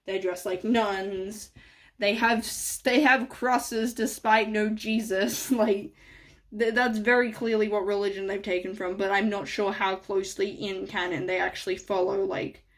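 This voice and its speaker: A woman's voice: medium pitch, fairly even intonation, unhurried. A woman giving a casual commentary on game character designs as a video host, rambling, filling her speech with "like" and "um", correcting herself and chuckling now and then. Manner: rambling, full of "like" and "um" fillers, self-correcting.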